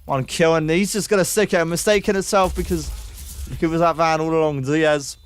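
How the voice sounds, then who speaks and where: A man's voice: a little high, a little fast, smooth, soft background music. A man from the UK casting an online esports match with play-by-play commentary, rising sharply on kills and chatting with stream viewers between rounds. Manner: excitable, jumps up on kills, chats with stream viewers. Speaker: esports caster.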